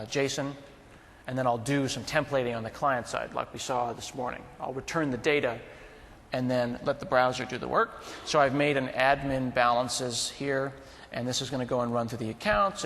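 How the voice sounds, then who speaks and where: A man's voice: mid-range voice, fairly even intonation, moderate pace, a bit bright, long reverb tail, a little hiss or hum. Laid-back joking man on stage. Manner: laid-back, jokey, says dude a lot. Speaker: conference presenter. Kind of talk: joking tech talk banter.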